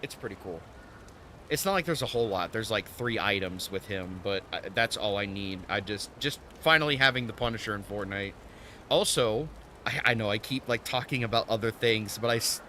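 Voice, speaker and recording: A man's voice: on the low side, pushed and bright, slight background noise. Chatty young male streamer. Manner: chatty, rambling, filler-heavy. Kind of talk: casual gameplay commentary.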